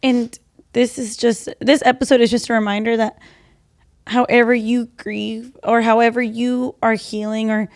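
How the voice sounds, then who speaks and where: Young woman co-host, fairly high voice, earnest faith-centered chat, animated. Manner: earnest, animated, quick bursts and soft drops. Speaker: podcast co-host. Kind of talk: casual faith-based chat.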